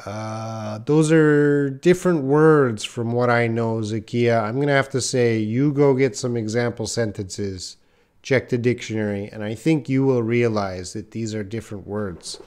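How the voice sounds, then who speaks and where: Lowish and somewhat dark, this man's voice carries an English lesson on a live stream. He thinks aloud with many "uh" fillers while reading out viewers' names and comments.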